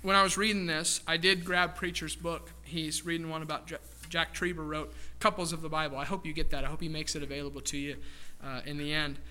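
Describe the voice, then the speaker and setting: A man's voice: on the high side, level tone, brisk, bright, forceful tone. A man preaching a sermon in a church, emphatic and addressing the congregation directly as folks. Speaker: pastor.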